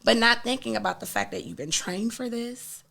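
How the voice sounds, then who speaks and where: A woman book coach talking as a guest in an interview, animated and acting out what her clients say. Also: fairly high pitch, moderate pace, creaky.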